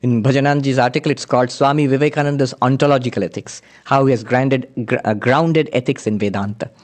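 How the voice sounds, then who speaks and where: A man's voice: mid-range voice, steady tone, quick pace. A man, a spiritual teacher, giving an earnest lecture that mixes teachings, stories and chanted Sanskrit verses.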